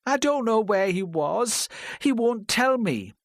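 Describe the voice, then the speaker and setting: A man voicing a nervous, evasive woman who is a suspect's wife, speaking high and tense. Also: big pitch swings, normal speed, a bit bright, no echo, clean studio sound, full character voice. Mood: distraught.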